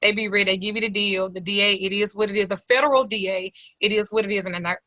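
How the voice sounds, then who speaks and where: A middle-aged woman close to tears teaches an occult class over a video call, giving a candid, colloquial personal testimony as earnest storytelling. Her medium-pitched voice is steady in tone, pushed and bright, and she talks fast; the audio is dry but slightly lo-fi, typical of a video call.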